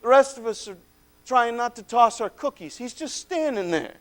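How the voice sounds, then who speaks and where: A male preacher retelling a story in the first person, swinging between loud outbursts and hushed, quiet lines. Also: extremely high pitch, lively intonation, normal speed. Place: church.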